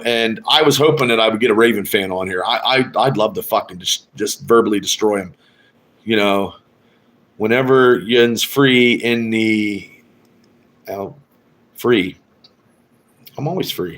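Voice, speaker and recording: A man's voice: on the low side, a bit bright. A man hosting a casual live sports podcast, rambling and swearing as he trash-talks rival fans. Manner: rambling, profane, trash-talking. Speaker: podcast host. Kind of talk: casual live-stream chat.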